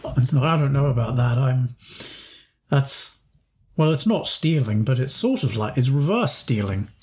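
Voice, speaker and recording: A man doing anxious, halting Boris. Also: medium pitch, animated, a little mellow, natural voice. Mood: unsure. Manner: halting and unsure, stammering. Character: Boris, a hesitant, anxious, big strong man.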